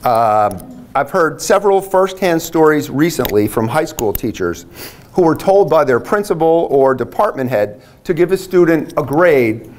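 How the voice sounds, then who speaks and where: A man in his sixties, a biology instructor, giving a relaxed retirement lecture full of anecdotes, with lots of "like" fillers and restarts. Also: on the high side.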